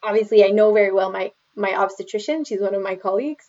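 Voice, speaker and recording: A woman, chatting on a podcast and telling her stories in a lively way that acts out what others said. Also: mid-range voice, quick pace. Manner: animated storyteller, acts out quotes. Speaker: podcast guest. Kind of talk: casual conversation. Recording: dull lo-fi podcast audio.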